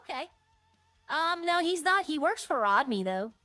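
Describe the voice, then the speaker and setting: A woman's voice: high-pitched, big pitch swings, moderate pace, sharp tone, no room sound, faint music behind. A woman streaming a roleplay game, rambling to herself as she plays and chatting in character. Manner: rambling, talks to herself while playing.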